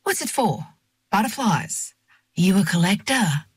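A narrator voicing a gruff, curious old male hardware store clerk who asks blunt questions in a slightly raised, softer voice. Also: high-pitched, big pitch swings, measured pace, no echo, studio quality, pitched above the performer's own voice, heavily acted. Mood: puzzled. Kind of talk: audiobook character voice.

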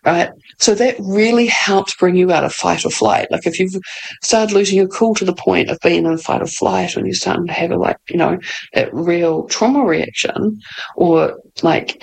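A woman's voice: medium pitch, gravelly, slightly rough, rough recording. A woman giving casual advice in a chatty way, laughing often and peppering her talk with "like".

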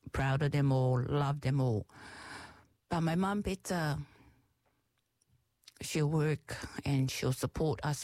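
A middle-aged woman with a Samoan accent, slowly and fondly recalling her family upbringing. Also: low-pitched, dark tone, dry recording. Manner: slow, reflective, affectionate. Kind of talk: personal storytelling.

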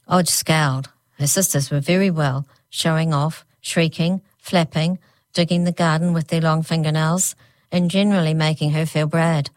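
Low-voiced woman reading a storybook. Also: steady tone, normal speed, no echo. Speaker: audiobook narrator. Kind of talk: scripted storybook narration.

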